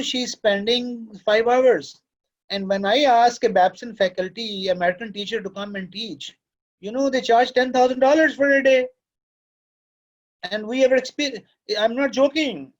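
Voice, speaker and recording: Man, high voice, paternal lecturer, classroom, muffled lo-fi sound. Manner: fatherly, lecturing, switches into Urdu. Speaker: course director and lecturer. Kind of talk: classroom talk to students.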